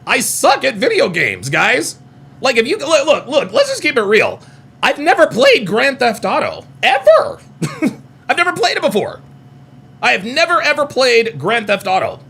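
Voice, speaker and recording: Lively, bright-voiced man rambling on a stream. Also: very high voice, normal speed, creaky, slightly rough. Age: 40s. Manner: rambling, repeats himself, reads chat aloud. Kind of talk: casual live-stream chat. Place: home near Reno.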